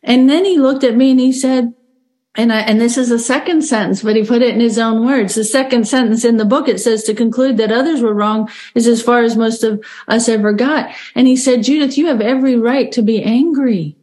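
A middle-aged American woman telling her recovery story in an earnest, halting way, with many restarts and fillers. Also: fairly high pitch, a little mellow. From United States. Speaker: recovery speaker. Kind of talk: personal recovery share.

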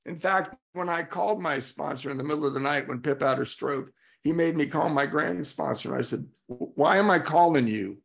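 A middle-aged man from California shares his recovery story at a convention with a gravelly edge. His pitch sits in an ordinary middle range. He tells it candidly, slipping into the voices of the people in his stories. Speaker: recovery speaker. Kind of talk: personal testimony talk. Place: convention hall.

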